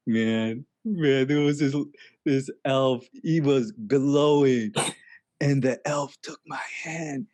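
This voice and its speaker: In a mid-range, slightly mellow voice, a man rambles dreamily through a comedic story. He drags out the word "man" and keeps restarting his trailing sentences.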